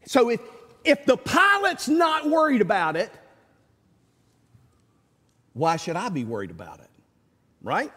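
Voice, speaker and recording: Male pastor, folksy storyteller, high and lively voice, long hall reverb. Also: unhurried, long pauses, slightly rough. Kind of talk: sermon.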